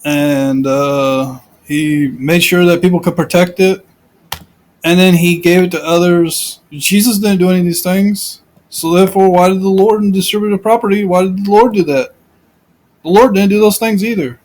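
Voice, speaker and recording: A man's voice: sits high, steady tone, normal speed, a little mellow, rough recording. A man giving informal, rambling commentary on scripture, repeating himself and piling up rhetorical questions. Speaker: Bible commentator.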